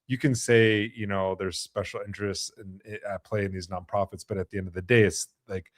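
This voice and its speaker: A man's voice: on the low side, level tone, a little fast, dry recording, clean studio sound. A man hosting a podcast interview, talking thoughtfully with many fillers and restarts. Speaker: podcast host. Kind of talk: conversational interview.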